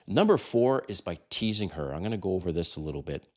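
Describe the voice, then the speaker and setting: A man's voice: sits low, lively intonation, fast talker, a little mellow. An older man coaching other men on dating, blunt and direct, full of rhetorical questions. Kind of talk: direct-to-camera advice talk.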